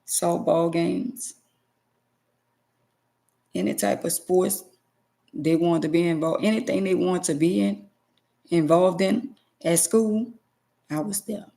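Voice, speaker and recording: A woman's voice: fairly low pitch, steady tone, slow pace, vocal fry, pauses often, mellow. A middle-aged woman vlogger giving an emotional personal testimony to her viewers, emphatic and preachy, repeating phrases for stress.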